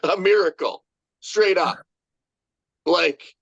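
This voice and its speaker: Slow, emphatic man leading a group. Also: medium pitch, expressive, no room sound. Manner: emphatic, swears freely, repeats phrases. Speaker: group leader. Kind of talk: casual motivational group talk. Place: online video meeting. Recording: muffled dry video call recording.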